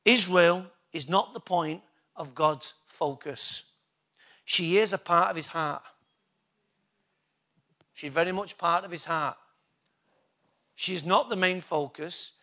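A man's voice: high voice, slow, long pauses, pushed and bright. A man preaching a sermon, emphatic and full of rhetorical questions to the congregation.

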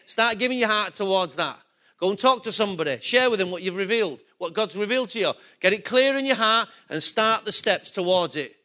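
A man's voice: sits high, sharp tone. A man preaching a sermon, emphatic and repetitive, asking the congregation rhetorical questions. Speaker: pastor.

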